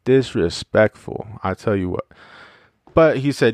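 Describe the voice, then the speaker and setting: A man with a fairly low, smooth and resonant voice talks through a casual solo podcast episode. He rambles, swears freely and jokes, padding his sentences with fillers. The sound is close and dry. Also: expressive, a little slow, darkish tone, dry recording. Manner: rambling, profane, joking, many fillers. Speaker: podcast host.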